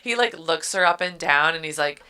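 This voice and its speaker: A young woman co-hosting a podcast, retelling a book's scenes in a loose, animated way with lots of "like" and laughter. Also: low-pitched, normal speed, smooth. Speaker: podcast co-host. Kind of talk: casual book-club chat.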